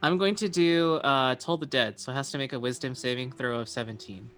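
A man's voice: mid-range voice, brisk, a bit bright. A man playing in a tabletop game, explaining his spell and damage rolls. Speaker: player. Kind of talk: casual tabletop play.

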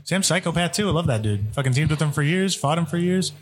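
A man who wrestles for a living spins loose, swear-filled road stories in a relaxed, offhand way. His voice sits a little high for a man. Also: fast. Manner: profane, rambling, laid-back storyteller. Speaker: guest, professional wrestler. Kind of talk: casual podcast storytelling.

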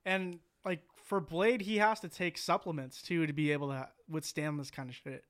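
A man's voice: fairly high pitch, steady tone, moderate pace, a bit bright. A man in casual chat about a movie, talking in a laid-back, profane way.

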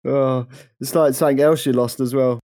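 A man's voice: mid-range voice, fairly even intonation, normal speed, dark tone, no room sound. A tired man co-hosting a podcast in casual chat, laughing often and swearing. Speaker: podcast co-host.

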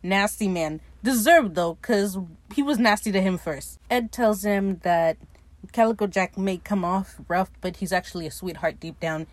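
A woman's voice: medium pitch, moderate pace, dry recording. A woman giving a casual, sassy recap of a TV episode, laughing often and swearing freely as she retells scenes. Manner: animated, laughing often, retelling scenes with playful quoted voices. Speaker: recap podcaster.

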